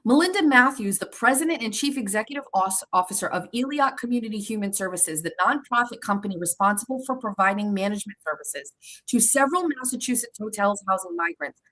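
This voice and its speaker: A defiant woman in her young adult years delivers a fired-up solo rant as a show host, swearing freely and hammering her points with repetition. Her voice sits a little high for a woman. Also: a bit bright, low-quality recording. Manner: defiant, profane, repeats herself. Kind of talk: heated livestream monologue.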